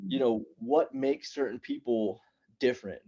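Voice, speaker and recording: A man in his thirties performing stand-up, talking in an animated, punchy way and throwing quick asides to the audience. His voice sits in an ordinary middle pitch. The recording sounds a little muffled and dull. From immigrant raised in New York City. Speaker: stand-up comedian at open mic. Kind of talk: stand-up comedy storytelling.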